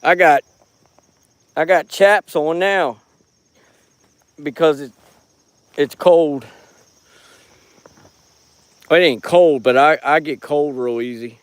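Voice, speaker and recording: A man's voice: a little high, slow pace, pauses often, dry recording. A middle-aged man live-streaming outdoors at night on a rural property. He holds his phone in his hand and chats in a rambling, folksy way, greeting viewers by name. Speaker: live-streaming paranormal watcher. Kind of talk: casual live stream chat. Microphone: handheld phone.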